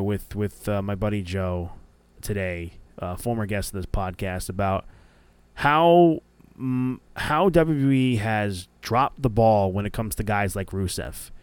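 A young man hosting a wrestling podcast alone, chatting casually and getting excited, often repeating words. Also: mid-range voice, smooth, dry recording. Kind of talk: casual solo commentary.

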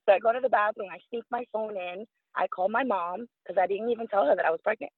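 A woman in her thirties from New York, telling a personal story as an interview guest, lively and acting out what others said. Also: mid-range voice, fast, breathy edge, no echo. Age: 30s. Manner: animated, acts out quoted voices, frequent fillers. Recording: tinny phone-line sound.

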